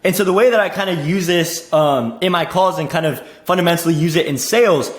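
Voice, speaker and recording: A young man coaching on sales in a casual teaching monologue, energetic, repeating himself and saying "like" and "dude" a lot. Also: fairly high pitch, fairly quick, reverberant. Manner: energetic, repeats words, says "dude" and "like" often.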